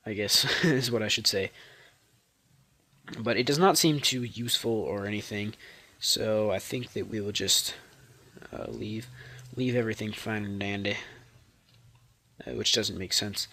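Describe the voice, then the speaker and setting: A man's voice: on the low side, fairly bright tone. A young man giving rambling, chatty gameplay commentary and often correcting himself. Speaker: gameplay video creator.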